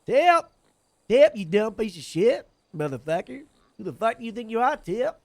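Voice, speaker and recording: A man voicing a shrill, rowdy young man who whoops and hurls crude abuse. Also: very animated, normal speed, a little mellow. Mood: abusive.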